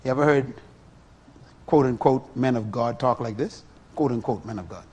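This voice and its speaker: A middle-aged man preaching a sermon, animated and full of rhetorical questions to his listeners. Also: mid-range voice, brisk, breathy edge.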